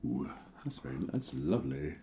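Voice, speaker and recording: A man co-hosting a drinking podcast who answers with laid-back, wry quips and casual swearing. His voice sits fairly low. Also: very animated, moderate pace, creaky, dark tone. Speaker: podcast co-host. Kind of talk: casual boozy podcast chat.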